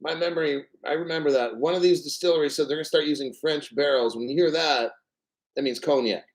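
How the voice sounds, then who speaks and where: Male livestream host, fairly high-pitched, loose and profane, chatty rambling delivery with frequent throat clearing. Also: fast, poor audio. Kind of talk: casual livestream chat.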